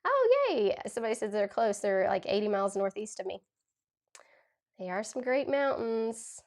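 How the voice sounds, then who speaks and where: A woman in her forties with a Southern Tennessee accent hosts a crafting livestream while she has a cold, chatting casually and gushing as she demonstrates card making and reads viewer comments. Her voice is mid-range and darkish, with fairly even intonation and a moderate pace.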